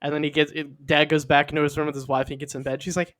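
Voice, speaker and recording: Higher-voiced man telling a comic story. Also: quick pace, hardly any pauses. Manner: animated, narrates and voices characters. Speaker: podcast co-host. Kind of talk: comedic improv storytelling.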